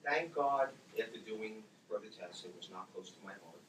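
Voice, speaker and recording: A man's voice: lowish voice, moderate pace. A man in his forties telling a personal story to an audience, acting out the voices of the people in it. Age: 40s. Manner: animated, acts out his own and others' words. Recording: roomy, distant, with background noise.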